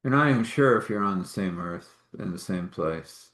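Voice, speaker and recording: With a low-sitting, expressive voice that's a little bright, a spiritual healer hosts a live storytelling and meditation talk at a moderate pace. He chats and meanders, often laughing and apologizing for his yawns.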